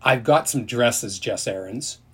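A man voicing a curious, friendly young girl who asks earnest questions, in a husky storybook reading. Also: medium pitch, measured pace, fairly bright tone.

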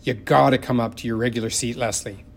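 A man's voice: mid-range voice, fairly even intonation, quick pace, creaky. Man doing a blunt, folksy country boy. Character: plainspoken rural boy, stubborn and brave.

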